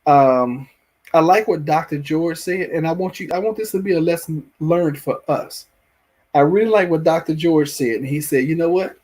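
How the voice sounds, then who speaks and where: A man's voice: a little high, moderate pace, a little mellow. A man with a Southern US accent hosting a casual live chat, rambling and restarting his phrases as he reacts to viewers. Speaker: livestream show host.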